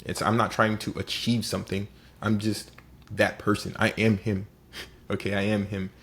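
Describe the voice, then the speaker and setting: A man giving a casual motivational talk as host, animated and acting out little scenes. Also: on the low side, normal speed.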